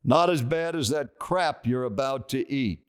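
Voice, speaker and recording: A man's voice: mid-range voice, a little slow, clear, resonant tone, close to an everyday voice. A man voicing a blunt, preachy male stranger who lectures about food within a story. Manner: scolding, lecturing. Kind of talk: storytelling with acted dialogue.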